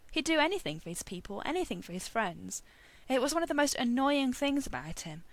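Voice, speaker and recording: A woman reading a story aloud as narrator, expressive and wry. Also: sits high, dry recording.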